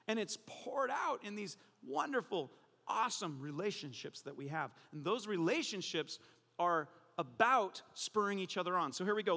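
A pastor preaching a sermon in an animated, conversational way with playful asides. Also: male voice, very high voice, in a large hall.

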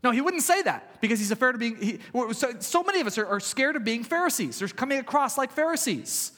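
A male pastor preaching a sermon in a conversational way, swinging from loud emphasis to hushed, quiet passages. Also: extremely high pitch, very animated, fast talker, big-room sound.

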